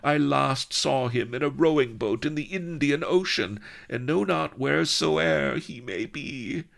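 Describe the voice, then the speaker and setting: A prim, genteel young English lady heroine, voiced by a man, lifted high above his low, gravelly register. Her phrasing is quaint and old-fashioned, from a storybook reading. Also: unhurried, fairly bright tone, full character voice.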